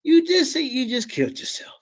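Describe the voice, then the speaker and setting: Gravelly man shouting mocking commentary. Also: extremely high pitch, sing-song, fairly quick, noisy background. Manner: loud, mocking, shouting in disbelief. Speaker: show host. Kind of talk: mocking commentary over played clips.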